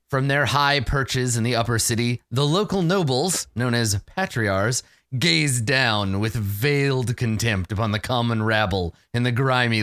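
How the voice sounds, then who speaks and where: A man's voice: mid-range voice, no echo, clean studio sound. A man running a tabletop game as dungeon master, reading the dramatic scene-setting text aloud. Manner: lively, reads dramatic box text.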